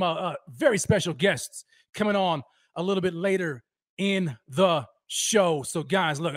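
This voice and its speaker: A man hosting a fan livestream, energetically shouting out viewers by name and talking about how fired up he is. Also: high-pitched, dry recording, studio quality. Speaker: host of a fan livestream show. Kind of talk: energetic live-stream roll call.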